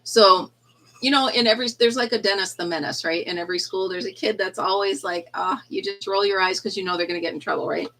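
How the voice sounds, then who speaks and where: Over a phone livestream from an indoor yarn room, a woman chats casually, laughing a lot, cooing at cheeping baby chicks, and sharing a story about school absences. Her mid-range voice is fast, pushed and bright, and the audio is poor.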